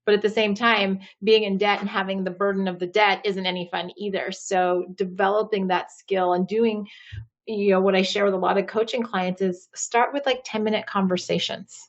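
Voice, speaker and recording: A woman's voice: mid-range voice, fairly even intonation, normal speed, dull audio. A woman in her forties, a marriage coach and podcast guest, telling personal stories candidly with many fillers. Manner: candid, uses many fillers like "you know". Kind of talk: podcast interview storytelling.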